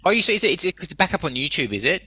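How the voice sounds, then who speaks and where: A male guest races through casual stories, his voice on the high side with a breathy edge. He swears freely and animates his anecdotes by acting out the voices he quotes.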